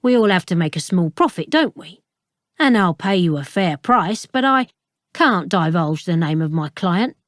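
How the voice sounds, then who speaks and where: A woman's voice: fairly low pitch, expressive, moderate pace, dry recording, lightly acted. A swaggering, plump middle-aged book dealer, played by a woman reading an audiobook, falsely jovial with a wheedling push. The voice is close and dry, with no room around it.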